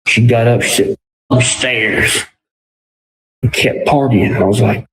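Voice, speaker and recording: A man's voice: mid-range voice, brisk. A man, a podcast guest telling casual stories and acting out what people said. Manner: animated, acts out other people's lines in quotes. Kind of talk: casual storytelling. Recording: roomy with clear background noise.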